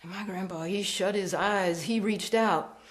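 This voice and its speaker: A woman storyteller performing a ghost story, slow and hushed, dropping to whispers. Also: mid-range voice.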